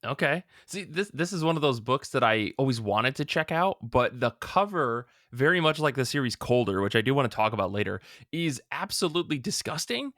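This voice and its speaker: A man hosting a casual comics podcast, animated and laughing often, with plenty of fillers. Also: medium pitch, brisk, dry recording, clean studio sound. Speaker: podcast host. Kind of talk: casual chat.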